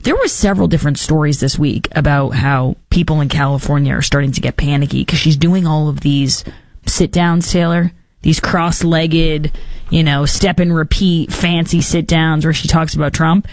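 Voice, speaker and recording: Woman host, political talk, low-ish voice, mocking and opinionated, dry close sound. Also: steady tone, moderate pace, darkish tone, no room sound. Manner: sarcastic, mocking asides and put-on quotes. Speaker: podcast host.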